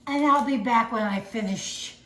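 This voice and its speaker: A woman's voice: fairly high pitch, moderate pace, a bit bright, roomy sound, a little hiss or hum. A woman hosting a home cooking video, chatting casually as she talks through each step. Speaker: home cooking channel host. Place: home kitchen.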